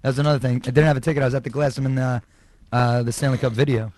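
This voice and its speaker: A man telling a story as a podcast guest, rambling and halting with many restarts. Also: mid-range voice, steady tone, darkish tone. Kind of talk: casual storytelling.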